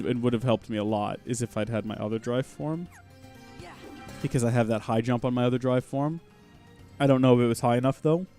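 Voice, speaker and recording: Man, let's play commentary, headset mic, pitch swinging up and down, sarcastic jokes, soft music underneath. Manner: animated, jokey, sarcastic asides. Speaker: gaming livestream host.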